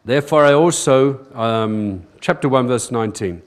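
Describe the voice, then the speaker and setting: An older pastor speaks at a moderate pace and medium pitch, hardly pausing, as he preaches to a live congregation in church. He leans on repeated phrases and calls out "Amen?"; the service was recorded live.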